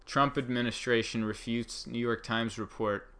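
A man doing a casual comedic monologue, rambling and exasperated, jumping into high mock outbursts. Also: fairly even intonation, moderate pace, a bit bright, clean tone. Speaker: comedian host.

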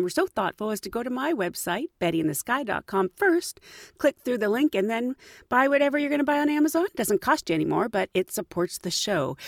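Casting: middle-aged woman podcast host, animated, laughs a lot, very lively up and down, dry close mic. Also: medium pitch, gravelly, no echo. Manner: chatty, laughs often, animated. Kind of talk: storytelling podcast.

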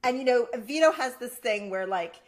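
Animated teasing woman co-host. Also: fairly high pitch, normal speed. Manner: playful teasing, animated storytelling with laughs. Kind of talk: casual chat.

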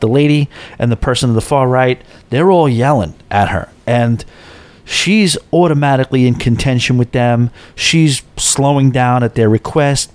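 A man hosting a podcast, telling a long personal story casually with animated asides and quick restarts. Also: medium pitch, no room sound. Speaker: podcast host.

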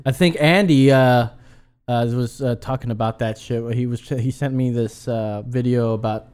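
A man co-hosting a casual podcast, joking around and swearing with short quick interjections. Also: mid-range voice, fairly even intonation, a little mellow, clean tone. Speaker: podcast co-host. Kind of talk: casual chat.

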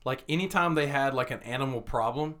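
A man chatting casually on a podcast, blunt and quick to swear. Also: medium pitch, bright, forceful tone. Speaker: podcast co-host. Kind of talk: casual chat.

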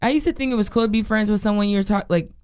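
Woman, mid-pitched voice, relaxed, casual chat, agreeing. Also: rapid-fire, smooth. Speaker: podcast co-host.

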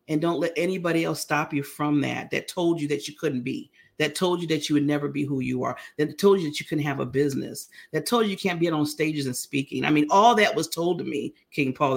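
A middle-aged woman talking casually as an interview guest, animated and laughing often. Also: low voice, fairly quick, creaky. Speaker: guest, brand founder.

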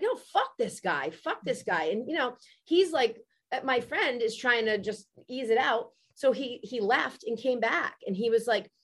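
Animated, cursing woman in her forties. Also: on the high side. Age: 40s. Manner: animated, profane, heavy use of "like" fillers. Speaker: podcast host. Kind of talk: casual storytelling chat.

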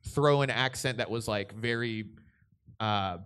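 A man's voice: lowish voice, measured pace, fairly bright tone, smooth. Rambling young man on a panel. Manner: rambling, with frequent restarts and laughs. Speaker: voice director on a convention panel. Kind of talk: panel Q&A answer, casual.

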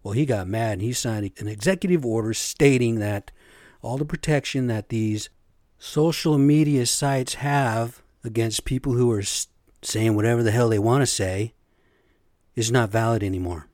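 A man's voice: mid-range voice, moderate pace, darkish tone, no echo, clean studio sound. A middle-aged man hosting a solo podcast, ranting bluntly and profanely in an exasperated way, talking straight to his listeners. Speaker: podcast host. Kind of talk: opinionated solo podcast rant.

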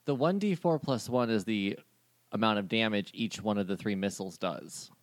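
A man running a tabletop game as game master, laid-back and laughing often, slowing down to count dice rolls. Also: lowish voice, dry recording.

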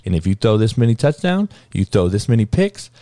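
A man's voice: on the low side, big pitch swings, brisk, mellow, no echo, clean studio sound. A man hosting a sports podcast, ranting in a heated, profane, rambling way and often calling listeners dog. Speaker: podcast host. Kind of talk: casual sports rant.

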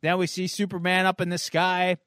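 A man's voice: sits high, brisk, clean tone, dry recording, studio quality. A man co-hosting a podcast, casually and animatedly retelling a comic book story. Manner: animated storyteller, chuckling between beats. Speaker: podcast co-host.

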